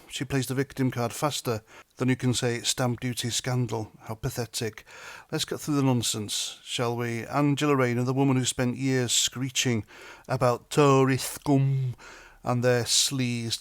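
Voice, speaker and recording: Man from Britain, political commentator, mocking and sarcastic, mid pitch, dead dry sound. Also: no room sound.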